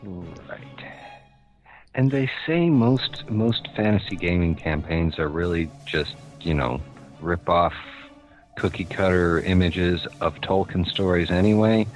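A man with a very deep voice plays in a tabletop game. He talks slowly, hesitating with fillers and dry asides. Faint music sits behind him. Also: poor audio. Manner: hesitant, many fillers, wry. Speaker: player. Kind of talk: casual tabletop play.

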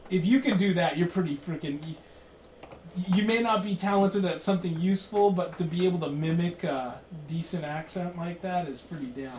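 A man's voice: sits high, fairly quick, darkish tone. A man playing in a tabletop game, rambling in casual chat, laughing often and swearing freely. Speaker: player. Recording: roomy, distant mic, light noise.

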